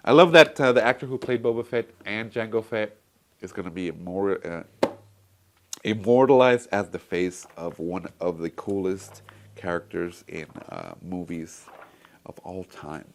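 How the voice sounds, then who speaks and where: A man's voice: deep voice, moderate pace, vocal fry, a little mellow, a little hiss or hum. A man casually reviewing a comic book collection, chatty and enthusiastic, talking straight to his viewers. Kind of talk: casual product review vlog.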